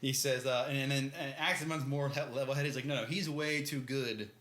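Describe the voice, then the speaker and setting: Man, podcast co-host, bright voice, slangy laid-back recap. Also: medium pitch, fairly even intonation, fairly quick. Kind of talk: casual book-discussion chat.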